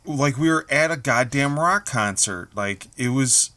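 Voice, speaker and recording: A man co-hosting a podcast, talking in casual, profane, animated rants about movie audiences. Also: medium pitch, a little slow. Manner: profane, animated ranting with shouted impressions. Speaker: podcast co-host. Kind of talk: casual chat.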